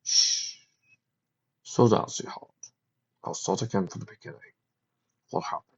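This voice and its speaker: A woman voicing a calm, protective father pony in a storybook reading. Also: a bass voice, slightly rough, lo-fi sound, exaggerated voice. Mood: soothing. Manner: soft, soothing, measured.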